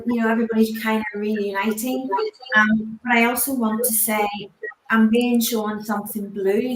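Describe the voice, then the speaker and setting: A woman working as a psychic medium, giving a spiritual reading on a chat show in a halting way, often pausing on "um" and "I want to say". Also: medium pitch, echoey room, rough recording.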